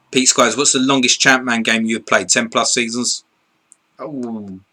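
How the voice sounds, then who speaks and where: A man's voice: on the low side, sharp tone, breathy edge. A man, co-hosting a live stream, reading viewer questions and answering in blunt, sweary, casual chat. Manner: blunt, sweary, laughs easily.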